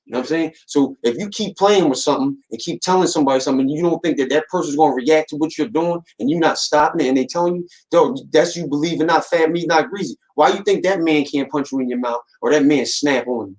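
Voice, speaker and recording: A man's voice: fairly high pitch, fast talker, hardly any pauses, darkish tone, low-quality recording. A man in casual chat, rambling with many fillers and street slang.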